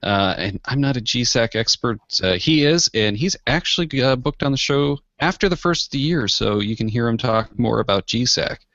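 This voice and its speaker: Relaxed male podcast co-host, lo-fi. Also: mid-range voice, moderate pace, few pauses, no echo. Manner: relaxed, frequent fillers. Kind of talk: casual podcast chat. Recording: dull lo-fi podcast audio.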